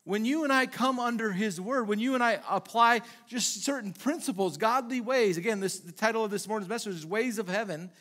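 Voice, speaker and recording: A pastor preaching a sermon in a loose, conversational way, asking the congregation rhetorical questions and acting out little quoted exchanges. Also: male voice, high voice, a little fast, few pauses, a bit bright. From Minnesota.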